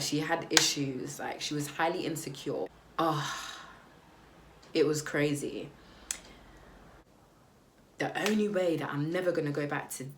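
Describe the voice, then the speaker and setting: A young woman tells her own story to camera in a candid, faltering way. Her voice sits low for a woman, with many "um"s and "like"s. A faint hiss runs under it. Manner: candid, hesitant, lots of "um" and "like". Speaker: vlogger. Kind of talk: personal testimony to camera.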